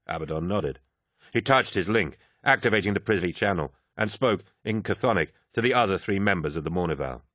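A man narrating an audiobook in a steady, measured manner. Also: sits low, dry recording, clean studio sound. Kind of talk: scripted narration.

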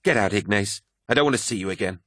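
A man's voice: fairly low pitch, quick pace, fairly bright tone, no room sound, studio quality. A man voicing a fervent, devout young woman who preaches earnestly. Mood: hostile.

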